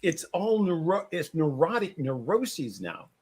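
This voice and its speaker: A man's voice: a little high, very animated, a little slow, a little mellow, slightly rough. A man, a paranormal investigator, chatting as a guest on a podcast in a rambling, preachy way that repeats itself. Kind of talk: casual podcast chat.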